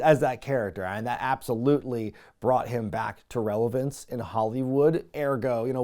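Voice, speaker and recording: Mid-pitched male host, casual and sarcastic, full of "like" and "you know". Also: darkish tone. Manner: chatty and sarcastic, with frequent fillers. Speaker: wrestling review show host. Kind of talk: casual recap commentary.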